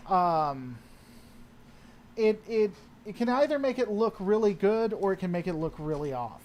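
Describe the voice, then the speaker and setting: A man's voice: high-pitched, big pitch swings, a little slow, a little mellow. Rambling man chatting on a livestream. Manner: rambling, trails off and restarts mid-sentence. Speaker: livestream host answering chat. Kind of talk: casual livestream chat.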